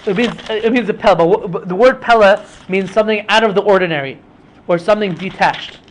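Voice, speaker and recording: A young man with a notably high voice casually unpacks a Bible story for his podcast. He explains it conversationally, working Hebrew terms into his talk. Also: fast talker, slight background noise. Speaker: podcast host teaching Bible stories. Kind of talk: casual Torah study talk.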